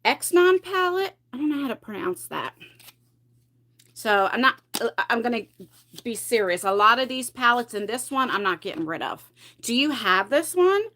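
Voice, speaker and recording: A woman's voice: on the high side, very animated, normal speed, pushed and bright. A woman hosting a casual beauty livestream from home, chatty and rambling, laughing often and a bit out of breath. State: a bit out of breath from carrying heavy boxes. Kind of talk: casual live chat while decluttering makeup. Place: at home, in pajamas.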